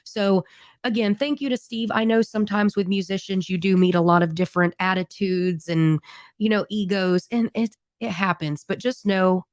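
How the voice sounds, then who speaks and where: A woman's voice: mid-range voice, steady tone, normal speed, no room sound, clean studio sound. A woman in her thirties co-hosting a band podcast in a chatty, rambling, friendly way. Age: 30s. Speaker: band singer and podcast co-host. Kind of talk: casual podcast chat.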